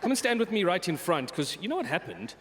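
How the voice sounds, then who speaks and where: A man hosting a conference on stage, playful and jokey in animated bursts. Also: sits high, quick pace, a little hiss or hum. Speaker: event host. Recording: echoey hall, faint crowd ambience.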